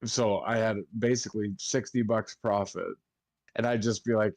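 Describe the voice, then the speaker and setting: A man's voice: fairly low pitch, little pitch movement, brisk, a little mellow, dry recording. A young man telling rambling stories in casual podcast chat, swearing constantly and acting out what others said. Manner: rambling, heavy swearing, acts out quotes. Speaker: podcast co-host.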